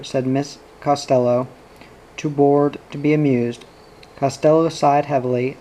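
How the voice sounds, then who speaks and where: Slow, flat-voiced man reading a novel. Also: mid-range voice, poor audio. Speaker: reader. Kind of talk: audiobook narration of a novel.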